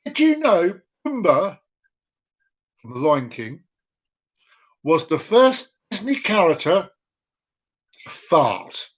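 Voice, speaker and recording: Lively, high-voiced man hosting a vlog. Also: slow pace, pauses often, breathy edge. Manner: rambling, jokey, repeats himself. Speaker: vlog host. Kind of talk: casual live-stream fact reading.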